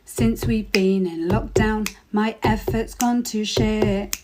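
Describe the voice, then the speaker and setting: A woman reciting a comic rhyming poem in a steady rhythm. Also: mid-range voice, slow pace, noisy background.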